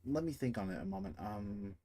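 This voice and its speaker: A man running a tabletop game as dungeon master, narrating in a halting way with frequent pauses and restarts. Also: fairly low pitch, lively intonation, mellow. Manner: halting, slow, many fillers and restarts.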